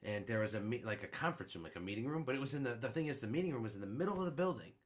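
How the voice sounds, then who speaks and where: A young man co-hosting a casual podcast, rambling through joking stories and quiz questions. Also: rapid-fire. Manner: rambling, joking storyteller with lively swings in pitch. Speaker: podcast co-host. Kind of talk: casual chat.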